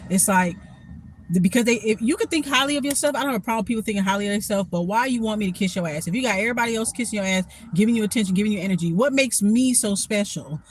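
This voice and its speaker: A woman telling a story in a casual vlog, blunt and profane, animated and quick to laugh. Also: medium pitch, a little hiss or hum. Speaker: storytime vlogger.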